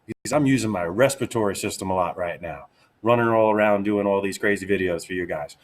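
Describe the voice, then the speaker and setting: Energetic male teacher, lowish voice, casual kid-friendly lesson, keeps asking "okay?". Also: quick pace. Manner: energetic, upbeat, repeats "okay?" often. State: out of breath. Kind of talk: casual science lesson for kids.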